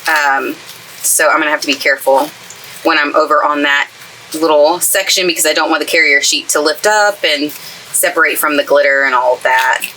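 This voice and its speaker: An East Texas woman hosts a craft channel, chatting through a casual tutorial in her camper trailer craft space and gushing enthusiastically about everything she loves. Her bright, forceful voice sits a little low and moves at normal speed. The recording is low quality, with a faint background hiss.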